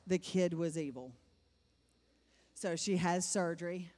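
A woman's voice: lowish voice, fairly even intonation, moderate pace, a little mellow. A middle-aged woman giving a personal testimony to a church congregation, emphatic and repeating phrases for effect. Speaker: church speaker. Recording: long reverb of a large hall.

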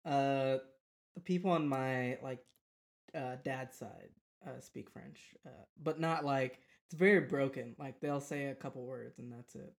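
A young man co-hosting a casual podcast, laughing often and speaking in halting, broken-off phrases. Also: medium pitch, gravelly. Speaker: podcast co-host. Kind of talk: casual chat.

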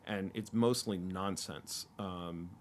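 Man in his fifties, very deep voice, rambling storyteller, faint room ambience. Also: steady tone, slow, slight background noise. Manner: rambling storyteller, many fillers and restarts. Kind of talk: casual chat.

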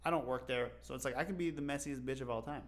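A man's voice: mid-range voice, quick pace. A young man co-hosting a podcast, joking around in casual chat, swearing freely and laughing often. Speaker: podcast co-host.

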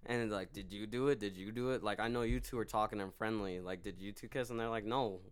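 A man co-hosting a podcast, swearing a lot and telling a reality-show story in animated detail. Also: lowish voice, fast, clean tone. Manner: profane, animated storytelling with quoted voices. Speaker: podcast co-host. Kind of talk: casual chat.

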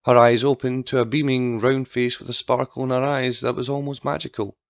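A man narrating a dark storybook with a steady, dramatic reading. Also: medium pitch, fairly quick, no echo. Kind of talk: scripted narration.

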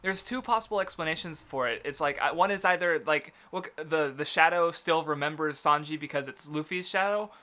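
Rambling young man, bright voice. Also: fairly high pitch, a little fast, hardly any pauses. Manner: rambling, many fillers and restarts, laughs often. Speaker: podcast co-host. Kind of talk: casual chat.

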